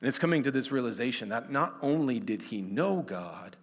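A man's voice: mid-range voice, lively intonation, a little fast. A man preaching a sermon in an earnest, conversational way, with frequent restarts. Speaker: pastor. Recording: long reverb of a church hall.

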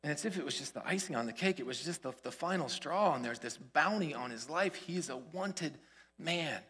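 A man preaching a sermon, retelling a story with animated, acted-out quotes. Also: on the high side, brisk, breathy edge. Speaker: pastor. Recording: long hall reverb.

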